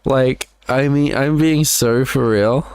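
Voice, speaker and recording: A man's voice: medium pitch, slow, a little mellow, clear, resonant tone, dry recording. A man with an Australian accent casually breaking down his own songs, rambling with lots of "like" and repeated words. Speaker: musician breaking down his album.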